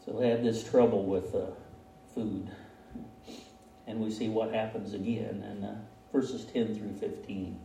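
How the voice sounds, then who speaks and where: A pastor with a dark, lowish voice and vocal fry preaches at a measured pace, keeping his intonation fairly even and pausing often. He chats in a folksy sermon style, regularly laughing at himself. The audio, from a distant mic in an echoey church hall, has slight background noise.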